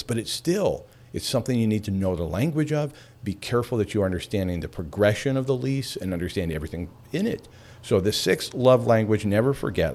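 A man hosting a radio talk show, chatty and animated, laughing between points. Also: on the low side.

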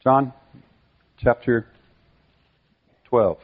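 A man's voice: mid-range voice, very slow. A man preaching a sermon, teaching earnestly and driving points home by repeating them. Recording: tinny phone-like sound.

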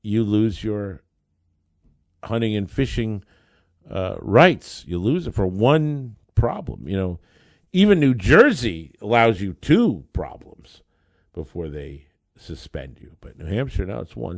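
A man hosting a podcast, a lawyer telling a story in a casual, animated way. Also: lowish voice, measured pace, dry recording, studio quality. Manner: animated, builds up excitement in anecdotes.

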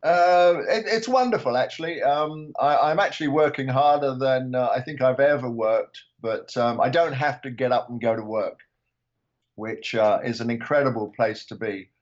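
A man's voice: mid-range voice, moderate pace, highs cut off. An older man from England, a podcast guest, chatting casually with many ums and restarts. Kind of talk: casual interview chat.

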